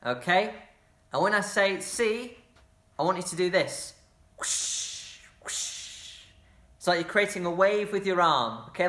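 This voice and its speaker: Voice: medium pitch, a bit bright, reverberant. A drama workshop leader guiding children through a movement game, encouraging them and making playful sound effects.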